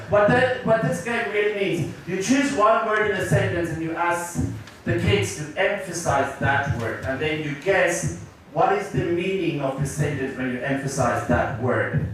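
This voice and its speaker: Guy running a teacher workshop, kinda high voice, super echoey hall sound, mic far off. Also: expressive, measured pace, slight background noise. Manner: explanatory, encouraging, asks audience questions. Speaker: teacher trainer. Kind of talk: workshop presentation. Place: large echoey room with audience. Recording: echoey room recorded from afar.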